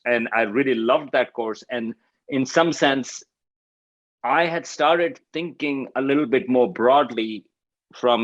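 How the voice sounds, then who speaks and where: A man's voice: mid-range voice, fairly bright tone, muffled recording. A man from Pakistan with a Pakistani accent, speaking as an astrophysicist guest in an interview, thoughtful and enthusiastic with many fillers and restarts. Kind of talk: conversational interview.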